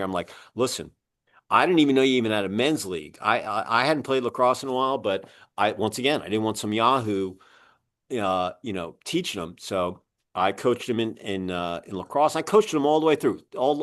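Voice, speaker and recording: A man's voice: mid-range voice, fairly quick. A middle-aged American man telling long coaching stories in a casual interview, full of fillers and restarts. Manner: rambling, many fillers and restarts, lively quoting of others. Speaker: guest, coach.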